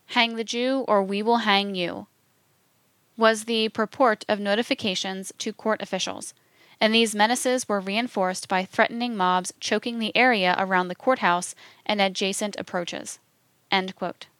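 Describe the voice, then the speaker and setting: Female reader for a scripted read: slow, deliberate, even, crisp tone, dry close recording. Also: medium pitch, no echo. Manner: measured, even, deliberate delivery. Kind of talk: scripted reading of quotations.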